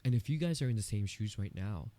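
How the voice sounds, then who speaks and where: Male podcast host, solo monologue, earnest and encouraging, warm low voice. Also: animated, quick pace. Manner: earnest, candid and encouraging, with frequent "you know" asides.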